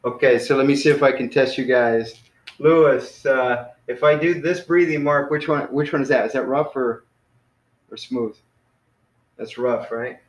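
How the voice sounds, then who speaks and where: A man teaching a casual online beginner class, relaxed and friendly, often saying "man" and "you know.". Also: mid-range voice, normal speed, reverberant, rough recording.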